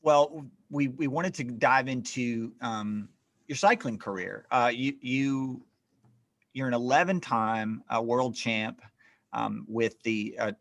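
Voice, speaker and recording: A man's voice: mid-range voice, steady tone, slow, creaky, fairly bright tone, no room sound. A man hosting a podcast, talking casually with many fillers and restarts. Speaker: podcast host.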